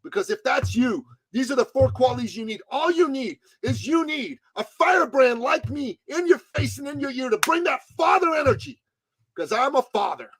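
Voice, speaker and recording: A man telling a story as a podcast guest and business coach, talking in a forceful, emphatic, preachy way. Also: very high-pitched, breathy edge, no echo, low-quality recording.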